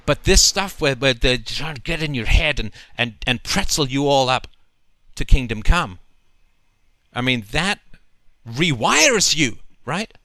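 A man's voice: medium pitch, very animated, a little slow, sharp tone, no room sound. A male host talking emphatically in a long, flowing monologue, often checking in with "right?". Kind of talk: call-in conversation.

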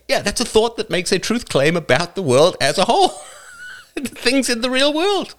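A man's voice: medium pitch, sing-song, moderate pace, a bit bright. A man in his fifties hosting a live show, lecturing a listener in an emphatic, argumentative way with the odd chuckle. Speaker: livestream show host. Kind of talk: live show talk answering listener comments.

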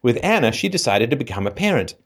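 A man's voice: mid-range voice, big pitch swings, fast. A man hosting a call-in show, ranting sarcastically and with animation. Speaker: host.

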